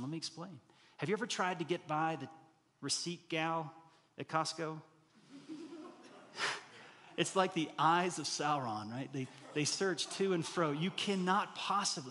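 A man's voice: a little high, a bit bright, big-room sound. A middle-aged man preaching a sermon earnestly, building to emphatic peaks and acting out the inner voices he describes. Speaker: pastor.

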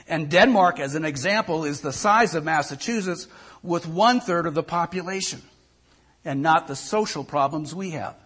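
A man's voice: a little high, moderate pace, a bit bright, slightly rough. An older male pastor giving a conversational sermon, often repeating words as he thinks.

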